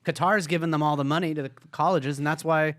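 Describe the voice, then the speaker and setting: A man's voice: a little high, steady tone, fast talker, a bit bright. Man hosting a joking podcast chat. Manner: storytelling, teasing questions. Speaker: podcast host. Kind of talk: casual comedic chat.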